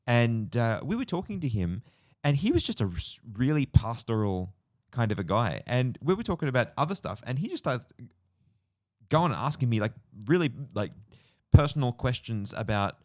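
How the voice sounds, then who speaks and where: A man's voice: mid-range voice, sing-song, normal speed, no room sound, clean studio sound. A man in his forties with an Australian accent, chatting on a podcast, telling a long story in a rambling, reflective way with lots of fillers. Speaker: podcast co-host. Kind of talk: casual chat.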